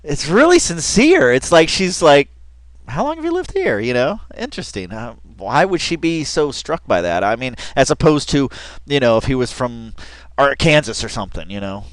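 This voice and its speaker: A rambling man commenting on a video, his mid-pitched voice leaping high and dropping low as he goes. He trips over restarts and fillers and keeps breaking into laughter. The sound is close and dry, with no echo around him. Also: sing-song, moderate pace. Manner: laughs often while talking. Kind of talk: casual reaction commentary.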